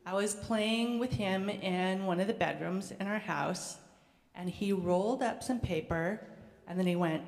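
Woman, pastor, gentle storyteller for kids, mid-pitched voice, roomy church reverb. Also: a little slow. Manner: gentle, conversational storytelling with children. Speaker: pastor leading a children's message. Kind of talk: prayer and children's sermon. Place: church sanctuary. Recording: echoey church hall reverb.

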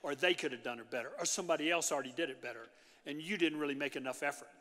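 Animated, bright-voiced preacher in a reverberant hall. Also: male voice, a little high, very fast. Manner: animated, conversational preaching with asides to the congregation. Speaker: pastor. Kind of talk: sermon. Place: large church hall. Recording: long church hall reverb.

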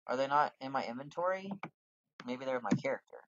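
A man's voice: mid-range voice, lively intonation, brisk, a bit bright, dull audio. A man casually talking through a role-playing game, reading quest lines aloud in put-on voices. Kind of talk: casual let's-play commentary, reading quest dialogue aloud.

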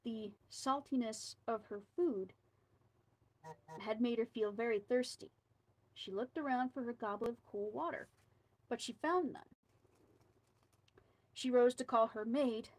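A woman with a fairly high voice reads a scary tale aloud. She tells it like a storybook and drops in quiet asides of her own. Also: unhurried, long pauses, low-quality recording.

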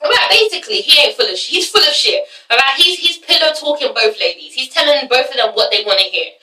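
A woman with a high-pitched voice talks quickly while hosting a casual vlog reviewing a reality show. She swears freely, stays animated, and acts out scenes. The recording sounds roomy, with the mic at a distance.

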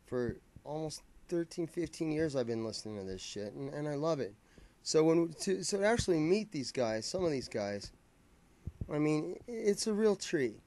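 In a casual vlog, a man tells a fan story at length, rambling, swearing freely and often restarting his sentences. His voice is a little high, expressive and a little mellow, at normal speed.

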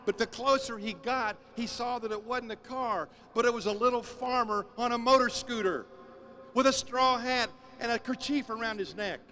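High, forceful man telling stories. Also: normal speed, slight background noise. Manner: emphatic, animated storyteller. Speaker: speaker. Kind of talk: sermon-style storytelling talk.

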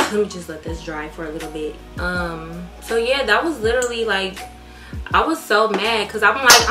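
A woman's voice: medium pitch, moderate pace, roomy sound, loud music behind the voice. A young woman, chatting candidly and with lots of swearing while doing her makeup for a beauty vlog. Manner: candid, profane, animated. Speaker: beauty vlogger.

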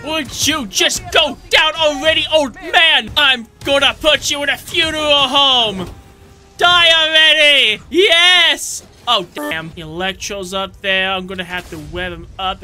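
High, bright excitable gamer guy. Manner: excitable, shouts and jokes at enemies. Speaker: let's play gamer. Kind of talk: gameplay commentary. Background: game music.

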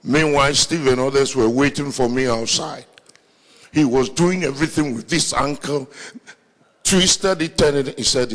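A man with an African accent preaching a sermon as pastor, telling stories with animation and breaking into shouts. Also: medium pitch, creaky, in a large hall. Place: large church hall, live meeting.

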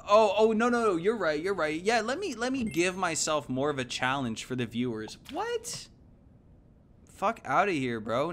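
Young male streamer, higher-leaning voice, loose profane rambling, jumps from mutters to excited yelps. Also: a little hiss or hum. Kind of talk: casual gaming stream chat.

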